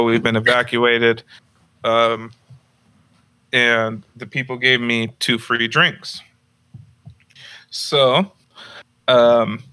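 A man's voice: medium pitch, pushed and bright. A young man from Northern California telling a story in a casual, profane, laughing chat over an online call. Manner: laid-back, profane, laughs while telling stories.

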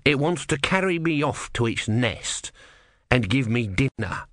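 A man's voice: medium pitch, lively intonation, a little slow, a bit bright, no room sound. A man voicing a sarcastic, impatient male god stuck in the shape of a tortoise, in an audiobook reading, with a dry close sound. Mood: grumpy, sarcastic.

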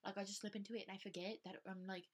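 A woman's voice: mid-range voice, little pitch movement, very fast, lightly acted. A woman voicing a self-absorbed teenage theater-kid girl who talks in a breezy, fake-apologetic way. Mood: affected.

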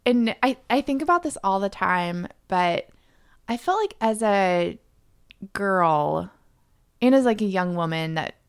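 Woman from Florida, podcast co-host, gravelly, reflective casual talk. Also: mid-range voice, lively intonation, unhurried. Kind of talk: casual chat.

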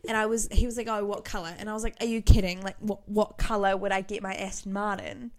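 A young woman co-hosting a casual chat, talking fast with giggles and lots of fillers. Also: medium pitch, level tone, darkish tone. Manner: chatty, giggly, fast bursts. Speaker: podcast co-host.

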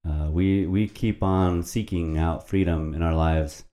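Low, mellow-voiced man, podcast host, rambling and crude, close mic. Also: steady tone, measured pace. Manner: rambling, profane and playful. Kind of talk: casual podcast chat and poetry reading. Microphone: podcast microphone at a computer.

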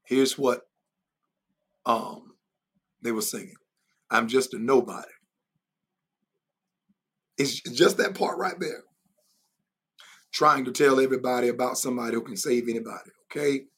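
A man's voice: medium pitch, normal speed, pauses often, a bit bright, husky. A man teaching in a sermon style, emphatic and repetitive, who often laughs as he goes. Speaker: preacher and Bible teacher.

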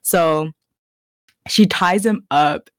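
A woman's voice: lowish voice, very slow, no room sound. A young woman in casual podcast chat, retelling a story in a rambling way, saying "like" constantly and swearing often. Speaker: podcast co-host.

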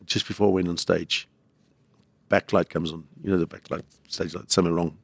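Gravelly-voiced man telling rambling stories. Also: deep voice, little pitch movement, a little fast, no echo. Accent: South African. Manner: rambling, acts out quoted voices. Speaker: comedian, guest. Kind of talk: casual storytelling.

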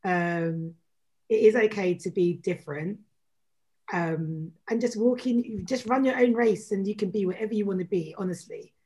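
A woman who is a regular on a podcast panel gives earnest, caring advice. Her voice is husky and slightly breathy. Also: mid-range voice, normal speed, dark tone. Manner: earnest, advising. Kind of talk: casual panel chat.

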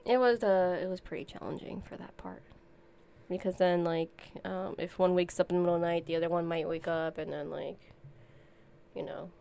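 A woman's voice: lowish voice, fairly even intonation, moderate pace, creaky, warm tone. A young woman co-hosting a casual chat, telling stories with lots of fillers and frequent laughter. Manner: chatty storyteller, laughs often, many fillers. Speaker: podcast co-host.

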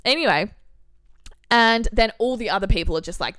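A woman's voice: medium pitch, moderate pace, clear, resonant tone, dry recording. A young woman, co-hosting a podcast and telling a travel story in casual chat, full of "like". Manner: animated storyteller, acting out quotes, heavy use of "like". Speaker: podcast co-host.

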